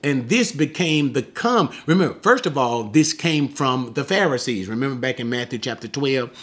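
A man teaching the Bible in a sermon style, emphatic, asking rhetorical questions and slowing down to stress quoted lines. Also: mid-range voice, lively intonation, a bit bright. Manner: slows down sharply to stress quoted words.

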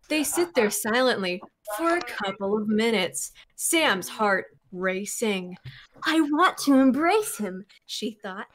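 A woman guest on a casual podcast, reading a silly story aloud and laughing along as she goes. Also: mid-range voice. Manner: playful, laughs while reading.

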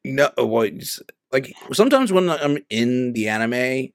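A man co-hosting a review podcast with his brother, reacting and joking in a relaxed way. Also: medium pitch, creaky, dry recording, studio quality. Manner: laid-back, joking, quick reactions. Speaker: podcast co-host. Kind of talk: casual review chat.

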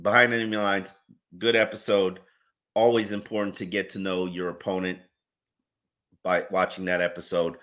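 A man's voice: low-pitched, moderate pace, long pauses. A man co-hosting a casual sports podcast, talking with sarcasm and plenty of laughter. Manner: sarcastic and animated, frequent laughter. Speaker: podcast co-host.

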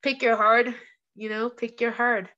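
A woman's voice: a little high, little pitch movement, measured pace, bright, forceful tone. A young woman, a professional fighter and guest, chatting casually in an interview. She tells stories candidly and animatedly, with a lot of "like" and some swearing. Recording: slightly muffled, lo-fi podcast audio.

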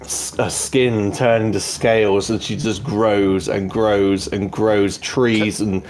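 A man narrating as game master of a tabletop game podcast, descriptive and unhurried. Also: lowish voice, level tone, darkish tone, slight background noise.

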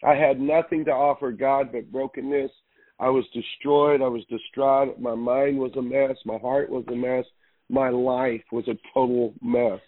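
A man, a pastor, tells his testimony in an earnest, halting way, often circling back on his words. His voice sits at an ordinary pitch. It comes through a thin, tinny, phone-like radio line. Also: fairly even intonation, no echo. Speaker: pastor, interview guest.

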